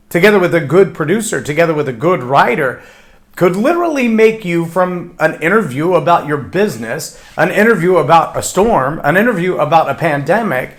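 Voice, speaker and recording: Male podcast host, fairly high voice, emphatic delivery, acts out sample answers. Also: very animated, normal speed. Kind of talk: short leadership talk to camera.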